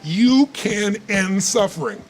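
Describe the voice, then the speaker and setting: Emphatic high-voiced male motivational speaker. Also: lively intonation, slow, a little hiss or hum. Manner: emphatic, repetitive, storytelling. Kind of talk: conversational interview talk.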